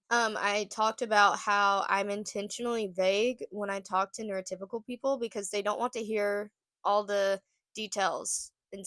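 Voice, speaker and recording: A woman's voice: medium pitch, a bit bright, no echo. A young woman with a Southern US accent, talking casually to camera in a vlog with very formal, precise wording. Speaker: online creator and streamer.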